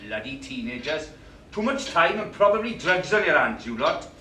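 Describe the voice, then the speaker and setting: Male actor as a gruff, swearing old grump, high and sharp, caught live from far off in an echoey theatre. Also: sing-song, normal speed, slight background noise. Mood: scornful. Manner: gruff, complaining, swearing, bossy. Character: cantankerous older British man in hospital waiting room. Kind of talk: live stage monologue. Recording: roomy live stage sound, distant mic.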